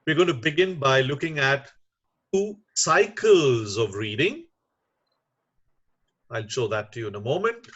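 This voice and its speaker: Male webinar lecturer, slow and measured, muffled computer mic. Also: mid-range voice, big pitch swings, a bit bright. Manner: measured, unhurried, with frequent uh fillers. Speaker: webinar lecturer on teaching reading. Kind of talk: online lecture.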